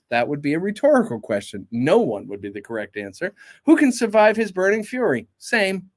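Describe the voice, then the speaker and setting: A male pastor giving an informal Bible study, reading scripture and commenting in a conversational way, with asides and rhetorical questions. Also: sits high.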